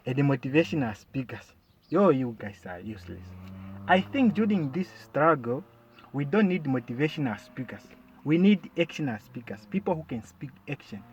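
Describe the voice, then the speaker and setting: A comedian delivers a sarcastic monologue straight to his listeners, calling them "my friend" and finishing points with "yeah?". His medium-pitched voice is very animated at a normal speed, and the lo-fi recording has slight background noise.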